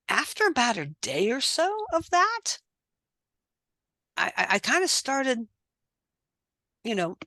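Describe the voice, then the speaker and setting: A woman's voice: medium pitch, a bit bright, dry recording, studio quality. A middle-aged woman sharing her story as a podcast guest, earnest, repeating phrases for emphasis. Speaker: guest, life coach. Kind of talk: candid personal testimony.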